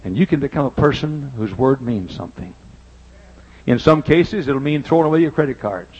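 An older man preaching a sermon in church, telling personal stories and swinging between loud emphasis and hushed asides. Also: medium pitch, animated, fast, husky, muffled recording. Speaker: pastor. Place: church sanctuary.

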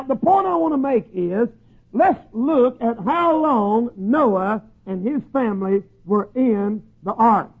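A man preaching a sermon in a folksy storytelling way, acting out voices and shouting at the peaks. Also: very high-pitched, breathy edge. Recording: tinny phone-like lo-fi recording.

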